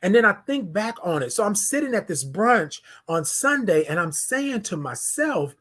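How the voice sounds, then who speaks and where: A man's voice: high voice, big pitch swings, normal speed, few pauses, fairly bright tone. A man hosting a morning live stream, talking in a heartfelt, preacher-like cadence, reading viewer comments aloud and checking in with "right?". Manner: emotional, preacher-like cadence with many "right?" asides. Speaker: host of a morning live show.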